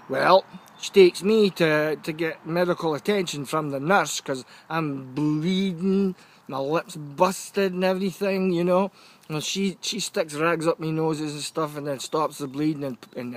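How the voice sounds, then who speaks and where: A man with a Scottish accent telling a funny story in a lively, chatty rant, often checking in with the listener. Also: on the high side. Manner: animated, keeps checking in with "right?".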